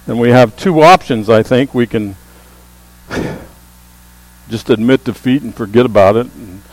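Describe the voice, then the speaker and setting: A man preaching a sermon as a pastor, with emphatic calls that rise to the congregation and a low hum under the voice. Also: measured pace, a little mellow, poor audio. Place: church sanctuary.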